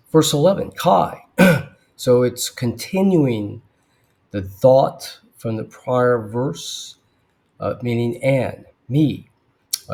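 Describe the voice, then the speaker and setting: A man teaching biblical Greek verse by verse, thoughtful, with frequent fillers and throat clearing. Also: medium pitch, a little mellow.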